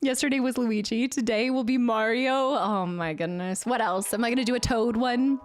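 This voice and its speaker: A woman's voice: a little high, moderate pace. A woman streamer chatting casually with her viewers, reading their messages aloud and laughing often. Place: home streaming setup.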